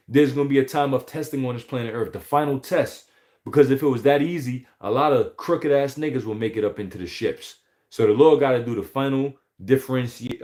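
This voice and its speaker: A man giving an informal scripture teaching, emphatic and profane, often pausing to ask "all right?". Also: mid-range voice, a little mellow. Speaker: religious teacher.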